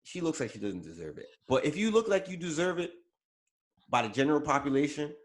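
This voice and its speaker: Speaking fairly quickly, this podcast co-host has a high-ish voice with big pitch swings. He chats casually about celebrity news, frequently filling pauses and correcting himself.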